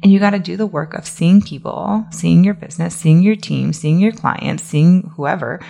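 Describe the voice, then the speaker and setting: A woman's voice: lowish voice, moderate pace, creaky, few pauses, mellow. A young adult woman coach hosting a solo podcast, talking casually and emphatically with frequent "like" and "right?" fillers. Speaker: business coach, podcast host.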